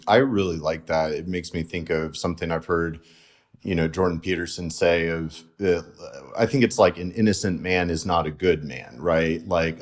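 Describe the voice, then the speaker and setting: A man hosting a podcast, chatting casually in a laid-back way, full of "like" and "you know.". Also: low-pitched. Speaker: podcast host. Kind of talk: casual interview chat.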